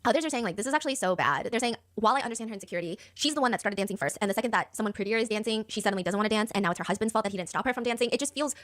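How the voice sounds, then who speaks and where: A woman co-hosting a reaction show, chatting quickly as she recaps a reality show and reads out viewer comments. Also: mid-range voice, expressive, fairly bright tone.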